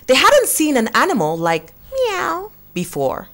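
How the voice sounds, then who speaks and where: A woman reading a picture-book story to young children, warm and deliberate. Her voice rises and falls in lively storybook curves, and she keeps an unhurried pace so every word lands. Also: high-pitched. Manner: warm and slow, speaking to children.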